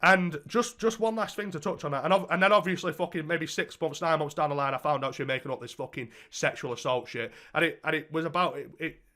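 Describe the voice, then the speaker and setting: A man's voice: fairly high pitch, fast talker, few pauses, sharp tone. A young man co-hosting a podcast, telling a story in casual chat and swearing heavily. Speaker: podcast co-host.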